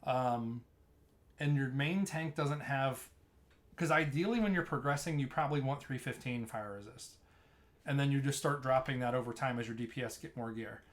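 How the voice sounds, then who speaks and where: A man's voice: medium pitch, moderate pace. A man casually explaining tanking tactics while narrating a replay of his own gameplay, talking loosely with frequent restarts. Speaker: streamer explaining raid tanking.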